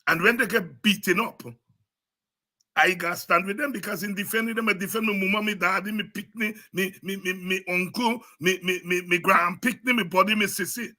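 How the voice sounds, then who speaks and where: A man's voice: high voice, fairly even intonation, a little fast, sharp tone. A man with a Guyanese Creole accent giving fiery, preaching political commentary as a show host, repeating himself and sliding into Creole.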